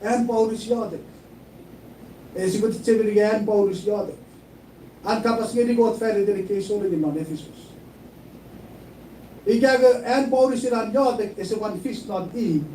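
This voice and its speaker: A man with a high, mellow voice preaches in a sermon, often repeating his phrases. He sounds a little distant from the mic, in an echoey room. A faint hiss sits under his voice. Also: normal speed, long pauses. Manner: preaching, mixing English with Chuukese, repeating phrases. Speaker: pastor.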